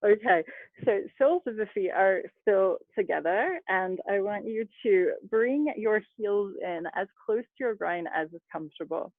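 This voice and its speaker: A woman leading a yoga class over a video call, giving calm, chatty cues with little laughs and asides. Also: mid-range voice, normal speed, no room sound. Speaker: yoga instructor. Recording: dry, phone-like video call audio.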